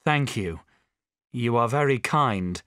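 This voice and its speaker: A man playing a weary shipwrecked sailor-hero in a coursebook audio drama, speaking slowly and clearly. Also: medium pitch, animated, a bit bright, dry recording, studio quality.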